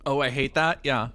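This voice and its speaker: A man's voice: mid-range voice, bright, forceful tone. A man streaming live, chatting casually, joking and swearing as he rambles.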